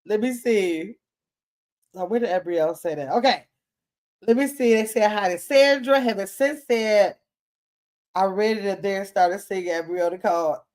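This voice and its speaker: A woman's voice: medium pitch, normal speed, darkish tone. Chatty older woman reading live comments. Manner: chatty, playful, reads viewer comments aloud. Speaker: livestream host. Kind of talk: casual livestream chat reading comments.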